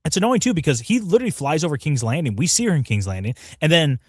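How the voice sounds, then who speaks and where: A man's voice: fairly high pitch, lively intonation, fast talker, slightly rough, no echo, studio quality. A man co-hosting a casual livestream review, sarcastic and slangy, mocking characters with put-on quotes. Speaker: podcast co-host.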